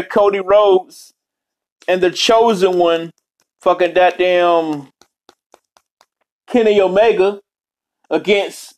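Man, high voice, casual profane rant, rambling vlogger. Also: a little mellow. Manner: heavy swearing, rambling tangents.

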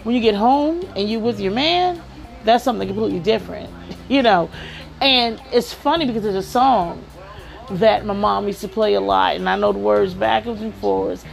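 Woman podcaster rambling through stories and advice, a bit of fry in her voice, soft music behind. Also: mid-range voice, moderate pace. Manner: chatty storytelling, many "you know"s. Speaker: podcast host. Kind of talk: casual advice monologue.

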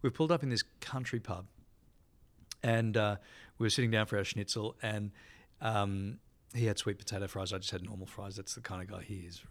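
A middle-aged Australian man, a TV host guesting on a podcast, telling lively anecdotes and acting out the people in them. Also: lowish voice, brisk. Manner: lively storyteller, acts out quotes.

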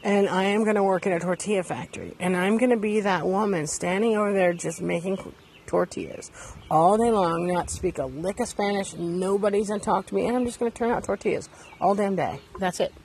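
A woman's voice: mid-range voice, a little fast, darkish tone, a little hiss or hum. A woman hosting a casual monologue podcast, talking candidly and rambling, sitting outdoors beside her bus. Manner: rambling, candid, self-deprecating. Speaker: podcast host.

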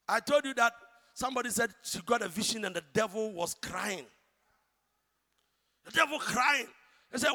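A man with a Ghanaian accent preaching a sermon, shouting one moment and hushed the next. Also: high voice, expressive, normal speed, pauses often. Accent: Ghanaian English. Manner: dramatic, swings from shouting to hushed. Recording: church hall reverb.

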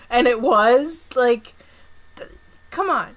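A woman's voice: a little high, expressive, slow. A woman hosting a film podcast, recapping the plot with opinionated hot takes in casual chat. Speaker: podcast host.

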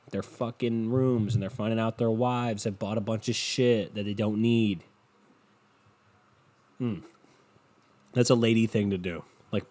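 A man hosting a solo podcast, rambling in a profane, deadpan way and sounding tired. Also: lowish voice. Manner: profane, meandering and deadpan, with frequent swearing. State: tired and yawning. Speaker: podcast host.

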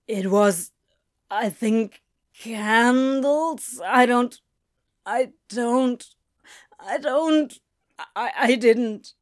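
A shaken, worn-out male demon stammers and trips over his words, as a woman reader puts him on. He speaks slowly and haltingly, breaking off mid-sentence in broken fragments. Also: fairly high pitch. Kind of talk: audiobook fan fiction reading.

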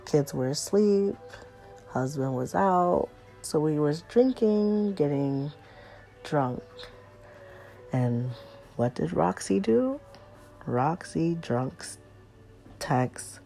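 Woman, gravelly voice, slow pace, chatty storytime confession to viewers. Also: sits low, lively intonation, warm tone, soft background music. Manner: chatty, confiding, addresses viewers as guys. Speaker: storyteller vlogger.

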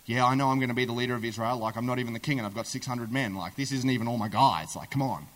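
A man's voice: fairly high pitch, fairly quick, fairly bright tone, lightly acted. A man voicing an aggrieved, hot-headed warrior leader who keeps justifying himself in casual modern phrasing. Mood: defensive. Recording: echoey hall.

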